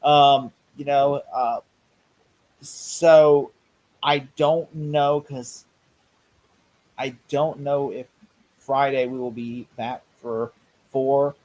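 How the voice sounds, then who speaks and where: A man's voice: medium pitch, flat delivery, drawn-out words, pauses often, darkish tone, low-quality recording. A man hosting a casual watch-party stream, rambling with many fillers and frequent laughs. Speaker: stream host.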